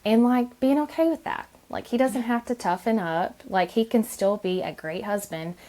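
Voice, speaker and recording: A woman in her thirties, a podcast guest speaking gently in conversation, with frequent ums and restarts. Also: mid-range voice, moderate pace. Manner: soft-spoken, many ums and restarts. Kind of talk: conversational interview.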